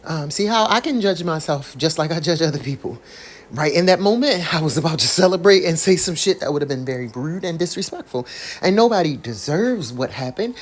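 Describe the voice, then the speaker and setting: A woman's voice: low-pitched, expressive, a little fast. A woman vlogger giving blunt, profane commentary on the story she is reading aloud. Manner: blunt and profane, speaks frankly, asides with laughs. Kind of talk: casual commentary while reading a news article.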